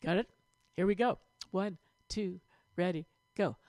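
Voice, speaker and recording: A choir director runs an online vocal warm-up, cheerfully encouraging students while she demonstrates breathing exercises. Her voice is lowish and a little slow, captured in a dry recording.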